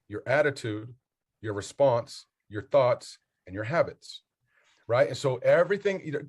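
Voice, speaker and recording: A man's voice: mid-range voice, darkish tone, breathy edge. A man, a basketball coach and mentor, talking as a podcast guest, earnest and motivational as he spells out his acronyms.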